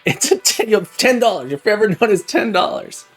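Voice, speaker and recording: Male coding-stream host, fairly high and very animated, excitable and jokey, restarts sentences, faint music underneath. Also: brisk. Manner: excitable, chatty, repeats words and restarts often; laughs often and jokes with chat. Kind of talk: casual live-stream chat while coding.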